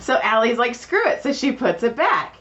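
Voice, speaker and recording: Animated woman telling stories, lo-fi. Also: a little high, normal speed. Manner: animated, acts out quoted dialogue. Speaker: podcast co-host. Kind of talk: casual storytelling chat. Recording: dull lo-fi podcast audio.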